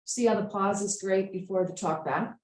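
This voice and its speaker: A woman's voice: mid-range voice, moderate pace, reverberant, poor audio. A woman teaching a writing class, patiently reading sentences aloud again and again to check the commas. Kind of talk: editing a student essay aloud in class.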